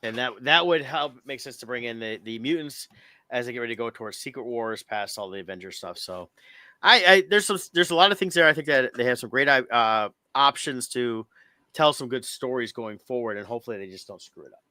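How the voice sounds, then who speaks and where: A man co-hosts a podcast, chatting casually and rambling, often restarting his sentences. His voice is medium in pitch, expressive, bright and forceful, and he talks fairly quickly. The recording is dry.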